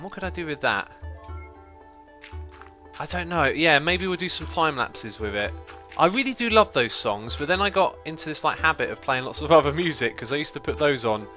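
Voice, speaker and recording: A man hosts a relaxed gameplay livestream, talking casually and reading out viewer messages. His voice is bright and forward at an everyday middle pitch. Soft music plays faintly underneath. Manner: chatty, reads out viewer donations and messages. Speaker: livestream host.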